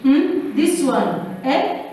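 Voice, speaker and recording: A woman teaching a phonics lesson, repeating each sound slowly for her pupils. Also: sits high, sing-song, warm tone, a little hiss or hum. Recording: echoey room, mic far off.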